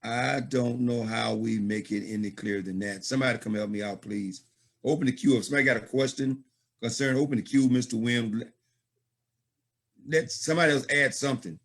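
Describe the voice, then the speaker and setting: A man's voice: medium pitch, fairly quick, fairly bright tone. A man hosting a conference call, stammering and sighing in amazement. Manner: stammering, exclaiming, laughs off breath. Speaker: call host. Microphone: conference call line.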